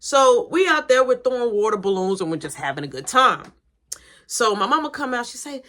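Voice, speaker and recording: A young adult woman telling a casual story, animated and slangy, acting out the quotes. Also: a little high, brisk.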